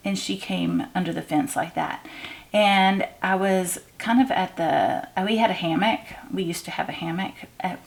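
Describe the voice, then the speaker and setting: A woman's voice: fairly low pitch, vocal fry. A woman vlogger chatting casually at home while she works on a craft, rambling with many fillers and restarts.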